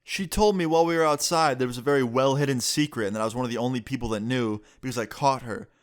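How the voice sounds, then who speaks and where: A young man telling a story casually on his vlog, animated and profane, acting out the dialogue he quotes. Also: medium pitch, fast. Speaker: storytime vlogger.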